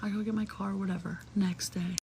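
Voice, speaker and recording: Young woman, casual storytime, vocal fry, chatty, "like" fillers, swearing, whispery asides. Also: medium pitch, flat delivery, a little fast, noisy background.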